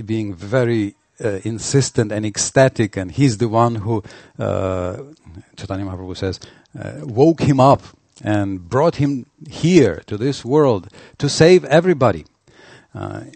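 A man giving a devotional lecture, halting and restarting, telling stories animatedly. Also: medium pitch, gravelly, dry recording. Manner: halting, many fillers and restarts, animated storytelling. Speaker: spiritual teacher.

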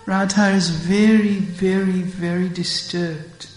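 Slow, gentle female storyteller. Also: fairly low pitch, fairly even intonation, roomy sound, soft background music, rough recording. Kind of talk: storytelling narration.

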